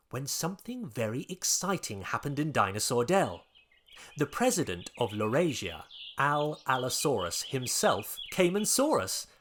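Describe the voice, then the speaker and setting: An Australian man from Tasmania narrating his own children's story in a gently expressive, playful way. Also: on the high side. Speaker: narrator and author.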